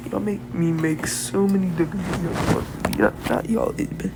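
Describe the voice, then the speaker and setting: A man's voice: sits high, steady tone, normal speed, vocal fry, very noisy. A young man casually retelling a fan-fiction story, rambling, filling with "like" and correcting himself. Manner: rambling, full of "like", self-correcting.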